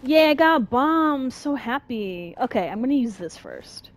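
A young woman giving profane, jumpy let's-play commentary, yelling and cursing when scared. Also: sits high, animated, normal speed. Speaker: gaming streamer. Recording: faint game music behind.

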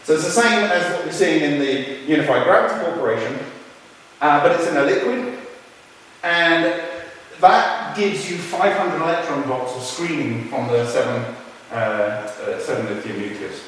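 Man lecturing in a boomy hall. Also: normal speed, a bit bright, a little hiss or hum. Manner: chatty, anecdotal, swears casually. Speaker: guest lecturer. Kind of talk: informal university lecture. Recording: very echoey hall, distant mic.

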